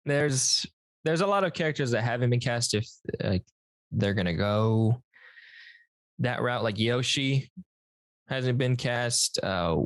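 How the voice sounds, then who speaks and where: A man co-hosting a casual podcast chat in an ordinary mid-range voice. He speaks hesitantly, restarting and filling pauses with small words. The recording is dry and close-miked. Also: mid-range voice, expressive, no echo. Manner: hesitant, halting, full of filler words. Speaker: podcast co-host.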